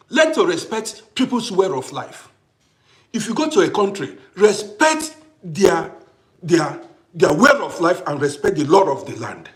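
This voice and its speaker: A man's voice: sits high, fairly bright tone. A middle-aged man hosting a livestream, delivering an impassioned monologue and repeating phrases for emphasis. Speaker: livestream host.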